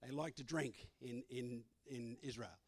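A man's voice: medium pitch, a little slow, a little mellow, husky. A man preaching a sermon, emphatic and given to repetition. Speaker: pastor.

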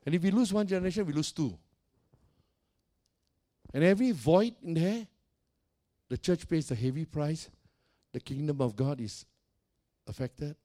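A man's voice: fairly high pitch, expressive, moderate pace, pauses often, dark tone. A male pastor preaching a sermon, emphatic and repetitive, putting direct questions to his congregation.

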